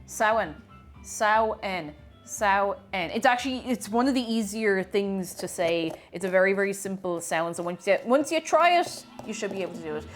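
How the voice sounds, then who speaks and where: A woman's voice: mid-range voice, expressive, normal speed, faint music behind. A woman streamer in casual live-stream chat, greeting viewers by name and playfully repeating phrases while she works in her home kitchen.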